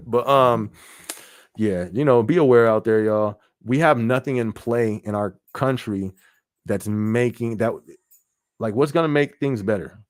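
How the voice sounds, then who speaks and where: A man's voice: medium pitch, measured pace, long pauses, no room sound, clean studio sound. Laid-back man hosting a live chat. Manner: relaxed, laughs often, reads viewer comments aloud. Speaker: podcast host. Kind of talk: casual live-stream chat.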